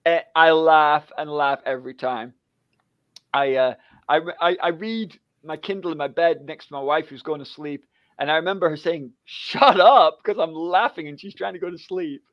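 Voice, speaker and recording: A man co-hosting a casual book chat, an animated storyteller who laughs a lot and acts out the lines he quotes. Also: on the high side, moderate pace, no room sound, muffled recording. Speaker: book club co-host.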